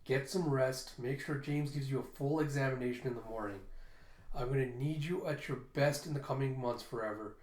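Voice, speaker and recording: A man reading a comic aloud, voicing a cold, commanding older family patriarch in measured speech, in a roomy echo. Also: mid-range voice, darkish tone, natural voice. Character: stern powerful older male patriarch.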